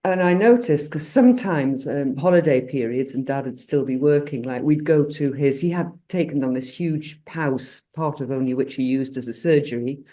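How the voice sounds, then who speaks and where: A woman's voice: extremely low pitch, moderate pace, hardly any pauses, dark tone. Woman, 60s, coach, rambling conversational storyteller on a call. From Britain. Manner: rambling storyteller with many restarts and fillers. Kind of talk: casual group discussion.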